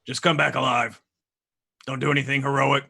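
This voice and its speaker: A man's voice: medium pitch, little pitch movement, normal speed, gravelly, bright, forceful tone. A man voicing a stern male city official who gives grave warnings to a crowd of volunteers.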